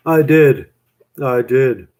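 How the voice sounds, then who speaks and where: A man's voice: medium pitch, slow, a little mellow. A young man chatting on a live stream, rambling with lots of fillers and casual swearing.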